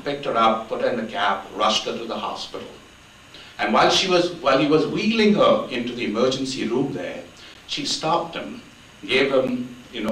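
A man's voice: mid-range voice, fairly bright tone. A man giving a spiritual talk, telling stories in a conversational way with light humor. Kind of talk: storytelling talk on spiritual life. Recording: echoey room, mic at a distance, faint noise.

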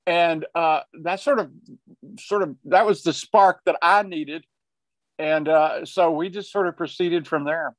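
Older man, high-pitched, dry close sound, rambling panel storyteller on a video call. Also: normal speed, no room sound. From Arkansas. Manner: rambling, restarts often, chuckles while telling. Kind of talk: conversational storytelling.

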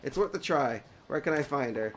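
A man's voice: medium pitch, animated, a little fast, slight background noise, close to an everyday voice. A man voicing a stern adult man lecturing a girl, reading a game's subtitles aloud in his own voice.

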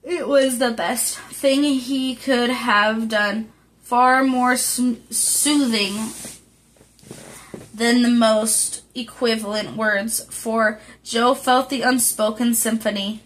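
A woman reading a classic novel aloud as an audiobook, careful and measured with small slips. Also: a little high, fairly even intonation, a little hiss or hum, rough recording. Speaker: audiobook reader.

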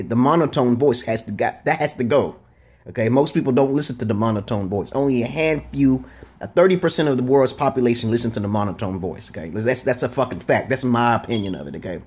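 A man vlogging a rambling, profane monologue, tagging lines with "okay?" and jumping up in pitch for emphasis. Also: husky. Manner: animated, jumps up in pitch for emphasis. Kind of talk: casual ranting monologue.

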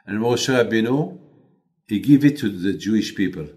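A man's voice: lowish voice, animated, moderate pace, a little mellow. A man acting as rabbi, giving a storytelling sermon with rhetorical questions in non-native English.

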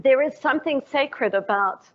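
Woman lecturer, reflective, poses questions to the room; slightly high voice, muffled livestream sound. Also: moderate pace. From South Africa. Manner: reflective, asks the audience questions. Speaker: professor giving a lecture. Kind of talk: formal public lecture. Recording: dull lo-fi livestream audio.

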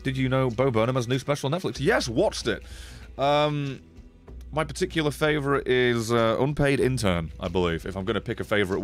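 A man gives sweary, casual commentary while streaming a card game and chatting to viewers. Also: medium pitch. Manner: sweary, animated, talks to chat. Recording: faint music behind.

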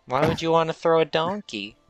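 A person in a group game call asking dry, deadpan questions. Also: mid-range voice, fairly quick, no room sound, soft background music. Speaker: streamer guest. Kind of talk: casual group chat while gaming.

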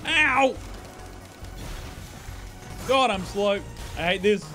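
A young man streaming a video game, chatting casually and excitably, swearing and laughing as he plays. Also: fairly high pitch, a little slow, soft background music. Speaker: gaming streamer. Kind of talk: live gameplay commentary.

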